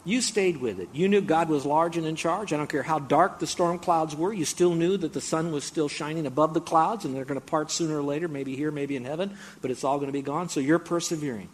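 Man preaching, sermon, animated, conversational, talks right to the congregation, fairly high voice. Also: fairly quick, few pauses, breathy edge. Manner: animated, bursts into excited game-show mimicry; conversational, addresses congregation directly.

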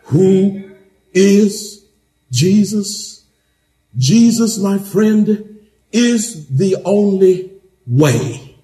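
A man preaching a sermon as pastor, mixing jokes with loud, soaring shouts. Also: animated, drawn-out words, pauses often. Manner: preaching with humor, swings into loud high-pitched shouts. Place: church. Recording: echoey church hall.

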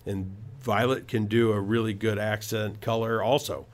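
A man's voice: lowish voice, flat delivery, moderate pace. A man hosting a home improvement talk show, giving tips in a casual, rambling way with many fillers and restarts. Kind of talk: casual radio-style talk.

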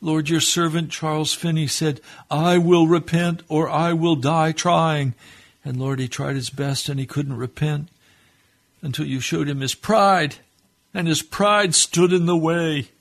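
A man's voice: on the high side, steady tone, unhurried. A man preaching on a radio broadcast, leading a fervent, pleading prayer that swells and drops. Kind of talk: sermon prayer.

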